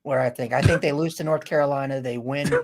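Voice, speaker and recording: A man's voice: medium pitch, fairly even intonation, fast. A man co-hosting a casual sports podcast, making blunt win and loss calls and laughing often. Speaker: podcast co-host.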